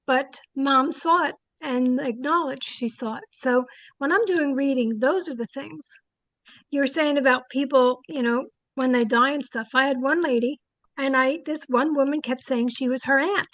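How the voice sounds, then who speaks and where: Direction: high-voiced woman telling psychic anecdotes. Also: moderate pace, no echo, rough recording. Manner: animated anecdotes with many fillers. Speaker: psychic guest. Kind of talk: storytelling interview answers.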